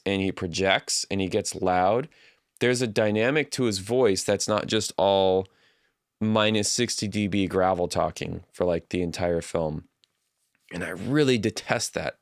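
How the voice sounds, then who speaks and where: A man's voice: fairly low pitch, unhurried, dry recording, studio quality. A man hosting a livestream, chatting casually and reading out viewer comments. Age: adult. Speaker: livestream host.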